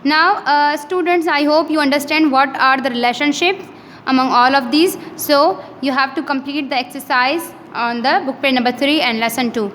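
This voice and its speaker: A high-pitched woman with a Pakistani accent delivers an English lesson, sounding out words one at a time with patient care. Her voice trails off in a long, hall-like reverb. A faint hiss sits underneath. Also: a bit bright. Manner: slow, repeats each word in careful drills, patient and instructive. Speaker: English teacher. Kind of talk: online classroom lecture.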